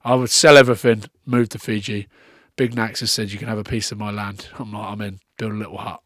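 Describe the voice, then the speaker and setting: A man's voice: lowish voice, little pitch movement, quick pace, a bit bright, dry recording, clean studio sound. A man from Scotland, a former rugby player, telling stories as a podcast guest in casual chat. He swears freely and acts out the people he quotes.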